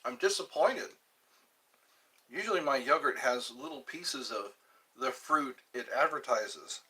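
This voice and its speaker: A man's voice: mid-range voice, animated, unhurried, sharp tone. A man hosting a casual livestream, rambling, reading out viewer questions and answering them while eating yogurt. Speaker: livestream host.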